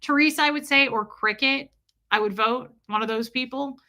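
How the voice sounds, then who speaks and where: Here a livestream host reads through her chat, replying warmly to each viewer comment in a relaxed, conversational way. Her voice sits high and sounds bright and forceful, moving at a normal speed.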